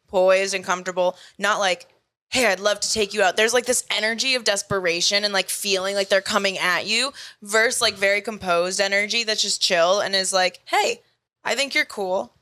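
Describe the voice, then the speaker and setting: A woman's voice: mid-range voice, sharp tone. A woman co-hosting a podcast in casual, chatty talk, swearing freely. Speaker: podcast co-host.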